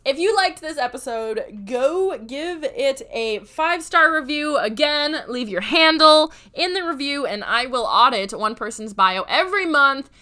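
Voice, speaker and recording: A woman hosts her own podcast, speaking in a bright, forceful voice that sits a little high. Her voice is raspy and hoarse. She talks with energy and drives each point home by repeating it. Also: unhurried, few pauses. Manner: energetic, direct, repeats for emphasis. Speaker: podcast host. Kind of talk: solo podcast, upbeat motivational talk.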